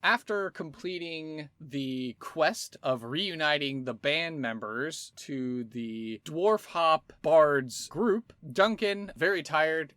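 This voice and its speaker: Male podcast game master: casual narration, bright, dry close recording. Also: mid-range voice, no echo. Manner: casual, loose narration with fillers.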